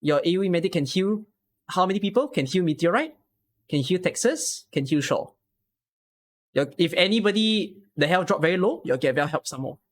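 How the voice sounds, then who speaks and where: On a live stream, a man with a high, animated voice walks a viewer through a game strategy at a slightly fast clip. He explains patiently, tossing out plenty of rhetorical questions.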